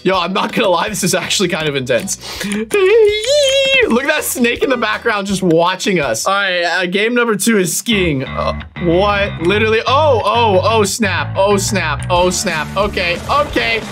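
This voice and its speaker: A young man giving excitable gameplay commentary, full of loud exclamations, yelps and slangy bro-talk. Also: high voice, measured pace, over music. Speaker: gaming YouTuber.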